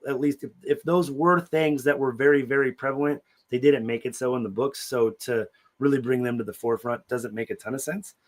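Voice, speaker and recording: A man in a casual podcast chat, voice sitting at an ordinary middle pitch. He talks bluntly, swears often and sounds frankly critical, with plenty of fillers along the way. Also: fairly even intonation, fairly quick, hardly any pauses. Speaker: podcast co-host. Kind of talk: casual chat reviewing a TV episode.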